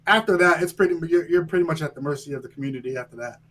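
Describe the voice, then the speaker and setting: A man explaining how he trains firefighters, speaking in a casual interview. He talks directly and emphatically, tagging his points with quick "right?" checks. His voice sits a little high for a man. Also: a bit bright, slight background noise, poor audio. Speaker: fire training instructor, guest.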